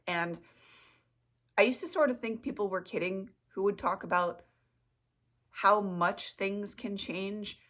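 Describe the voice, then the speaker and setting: A woman vlogger, talking straight to camera in a loose, rambling way. She pokes fun at herself as she goes, and her voice sits a little low. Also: a bit bright. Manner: chatty, rambling, self-mocking, with laughs and playful asides. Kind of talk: casual talk to camera.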